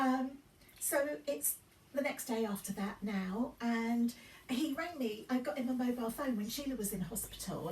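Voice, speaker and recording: A woman's voice: a little high, darkish tone, slight background noise. A woman in her fifties chatting casually in a vlog, rambling through her story with many ums and restarts. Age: 50s. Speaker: fashion vlogger. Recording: roomy sound from a distance off the mic.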